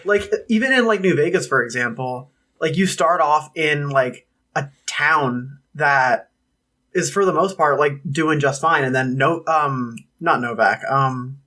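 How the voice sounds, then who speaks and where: A man co-hosting a podcast, chatting in a relaxed, easygoing way and dropping 'like' often. His voice sits a bit higher than most men's. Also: unhurried. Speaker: podcast co-host. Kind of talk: casual podcast chat.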